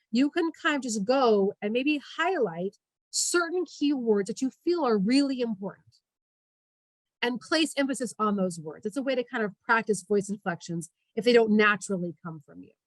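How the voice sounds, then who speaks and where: A woman with a fairly high voice leads an online public speaking workshop. She coaches with energy and lands hard on her key words. Her voice comes through a video call with a dry, close sound. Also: no room sound, low-quality recording.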